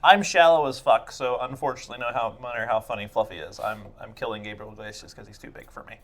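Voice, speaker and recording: Guy hosting a podcast, middle pitched voice, blunt crude humor. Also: steady tone, fast, fairly bright tone, slight background noise. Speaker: podcast co-host. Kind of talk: casual podcast banter.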